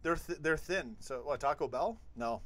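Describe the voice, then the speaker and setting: A man's voice: on the high side, normal speed, over a noisy crowd. A man from Canada hosting a live football chat stream, chatty as he reads out donations and chat messages. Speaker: host.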